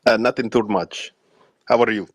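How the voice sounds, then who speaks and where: A man's voice: lowish voice, steady tone, moderate pace, dry recording, studio quality, natural voice. A male caller putting on a fake accent and taunting the host with insults.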